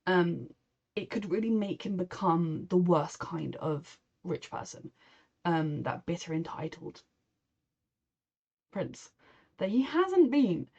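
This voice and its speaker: A woman's voice: on the low side, very animated, slow, gravelly, long pauses, a little mellow, breathy edge, highs cut off. A woman from England talking through a show reaction, emotional and rambling, slipping into mock voices to quote people. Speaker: reaction video host. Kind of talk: casual reaction commentary.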